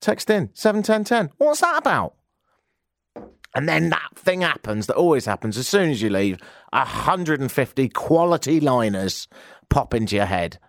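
A British man in his forties spins a self-mocking story on talk radio, his pitch leaping up and down as he goes. He speaks into a dry, close studio mic. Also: sing-song, normal speed, gravelly, no room sound. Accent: British English. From Britain. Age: 40s. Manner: wry, self-mocking, swings high for emphasis. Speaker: radio talk show host. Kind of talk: animated storytelling monologue. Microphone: studio microphone.

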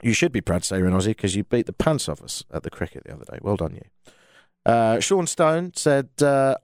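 A man's voice: medium pitch, animated, fairly quick, a little mellow, clear, resonant tone, dry recording, clean studio sound. A middle-aged man from England with a London accent, hosting a call-in radio show in a chatty, jokey, self-mocking way. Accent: London English. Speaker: radio phone-in host. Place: radio studio.

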